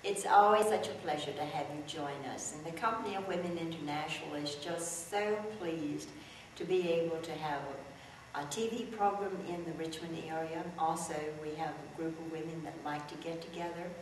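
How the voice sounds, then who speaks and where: A woman's voice: sits low, fairly even intonation, moderate pace. A woman hosting a local TV talk show, welcoming viewers and her guest in a gracious, effusive way. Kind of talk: TV interview. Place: TV studio. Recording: roomy, distant mic, faint noise.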